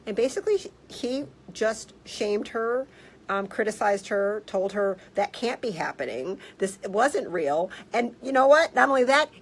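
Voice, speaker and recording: Woman health practitioner, blunt and animated, casual vlog storyteller, mid-range voice. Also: medium pitch, slight background noise, poor audio. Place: office.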